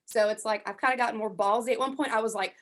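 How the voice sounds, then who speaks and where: A woman's voice: a little high, steady tone, quick pace. A woman chatting casually in a group class, talking with many fillers and acting out what others said. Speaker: class participant. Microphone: headset.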